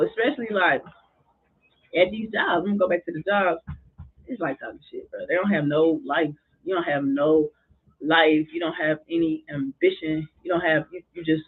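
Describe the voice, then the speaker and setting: Husky, passionate woman on a tinny line. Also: low-pitched. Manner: passionate, expressive. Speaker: middle school drumming therapist and basketball coach. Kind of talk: casual podcast conversation. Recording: tinny phone-like sound.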